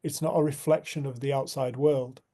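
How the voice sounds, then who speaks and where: A man leading a community group, speaking in a reflective spiritual talk and telling a story in an earnest, unhurried way. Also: mid-range voice, fairly even intonation, warm tone.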